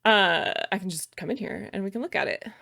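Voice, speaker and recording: A woman's voice: medium pitch, expressive, fairly quick, vocal fry, bright, forceful tone. A woman co-hosting a casual chat, thinking aloud with fillers and laughing often. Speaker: co-host. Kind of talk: casual chat while sharing screen.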